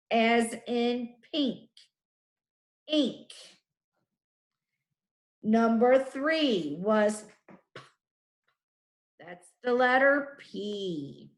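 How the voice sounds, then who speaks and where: A woman teacher leading a children's phonics lesson, sounding out letters and syllables slowly and clearly. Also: a little high, fairly bright tone. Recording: echoey room.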